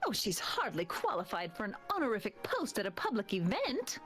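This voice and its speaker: A woman's voice: mid-range voice, huge pitch swings, brisk, a bit bright. An actress playing a stern, prudish older woman reformer, with game music behind. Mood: disapproving. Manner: stern, disapproving. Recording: game audio with music bed.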